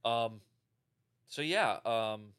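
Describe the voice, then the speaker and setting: A man's voice: mid-range voice, animated, very slow, a bit bright, smooth. A man co-hosting a podcast, a tattoo artist in casual chat, easygoing and hesitant with ums and uhs.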